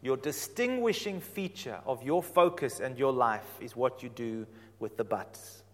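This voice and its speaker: Animated male preacher in a reverberant hall. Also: mid-range voice, a little slow. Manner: animated, swings from quiet to emphatic. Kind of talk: sermon.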